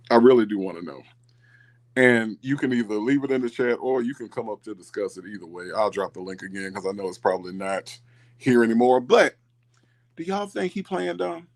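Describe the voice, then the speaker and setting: Lively gravelly-voiced man hosting a livestream. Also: mid-range voice. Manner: animated, reads chat comments aloud, repeats himself. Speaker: livestream host. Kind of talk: casual live chat commentary.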